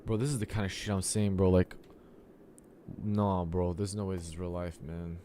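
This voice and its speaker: Alone and screen-recording, a young programmer rants at his computer in exasperation, swearing and talking to the software. His voice sits low with a flat delivery at normal speed, and there's slight background noise.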